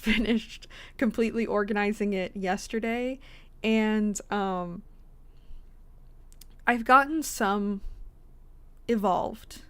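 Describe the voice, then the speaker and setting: A sleepy woman streamer chatting casually with her viewers, rambling and giggling between fillers. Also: mid-range voice.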